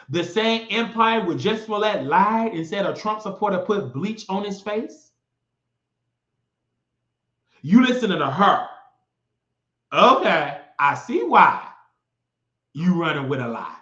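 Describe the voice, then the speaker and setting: A man's voice: high voice, a bit bright. A man hosting a political commentary show. He rants in a heated, mocking, sassy way. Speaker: show host. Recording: echoey, dull lo-fi room sound.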